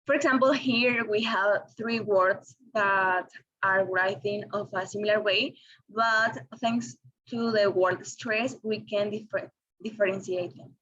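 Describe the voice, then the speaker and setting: A young woman with Spanish as her first language, giving a careful, deliberate lesson presentation in English. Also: mid-range voice, a bit bright. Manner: careful, deliberate, with small restarts. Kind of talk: read-aloud lesson presentation. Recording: dull lo-fi recording.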